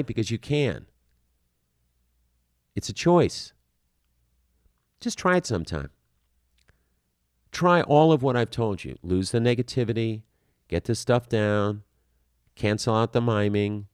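A man with a very low voice gives audition advice to actors. He speaks bluntly and with animation, mixing scolding and encouragement in casual, slightly profane talk. The recording is dry and close, with no room sound. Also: no room sound. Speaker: acting coach. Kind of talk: instructional talk to camera.

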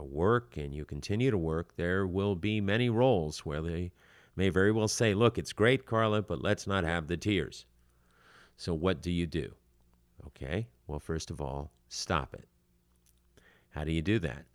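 An older man hosting an acting advice podcast, talking in an animated, emphatic way with many fillers. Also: low voice, no room sound, studio quality. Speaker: acting coach podcast host.

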